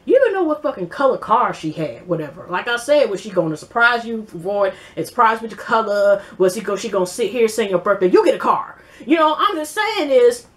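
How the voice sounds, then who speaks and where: A woman's voice: on the high side, big pitch swings, fairly quick, few pauses. Blunt, rambling woman vlogger. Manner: rambling, blunt, profane, many fillers. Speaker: YouTube TV-show reviewer. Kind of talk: casual vlog commentary.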